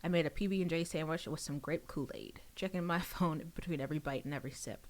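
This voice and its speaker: A woman reading her own novel aloud on a livestream, pausing for casual chatty asides. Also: deep voice, a little mellow.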